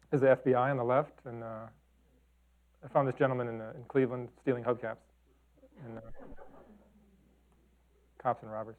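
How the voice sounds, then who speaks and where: At a normal speed, with frequent pauses and fairly even intonation, a middle-aged man speaks in a mid-range voice. He's a Chicago and Detroit photographer giving a talk, rambling casually about his photographs amid fillers and restarts. The audio is tinny and phone-like.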